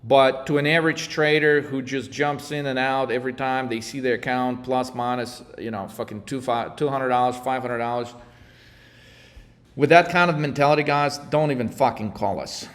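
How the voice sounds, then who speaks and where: A man's voice: mid-range voice, normal speed. Profane, ranting man in an echoey room. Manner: profane, blunt, heated. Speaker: trading coach. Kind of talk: ranting monologue.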